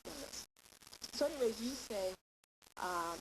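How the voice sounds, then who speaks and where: Woman, parenting teacher, animated lecture, mid pitch, hissy recording. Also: moderate pace. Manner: animated, explanatory, with many "okay"s.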